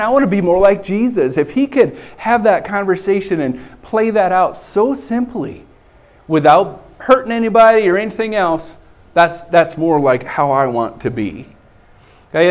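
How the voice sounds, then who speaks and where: Middle-aged male pastor, fairly high voice, relaxed and chatty preaching style. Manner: conversational, chuckling, says "okay" often. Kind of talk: sermon.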